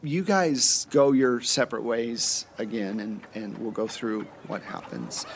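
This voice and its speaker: A man narrating as game master in a tabletop game, in a loose, relaxed way. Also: mid-range voice, a little slow, creaky, a little hiss or hum.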